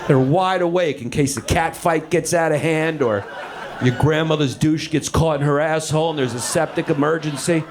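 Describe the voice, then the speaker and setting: A man doing a stand-up routine, loud and profane, jumping into shouted rants. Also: on the high side, normal speed. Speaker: stand-up comedian. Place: comedy club stage. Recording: live stage with crowd laughter and ambient noise.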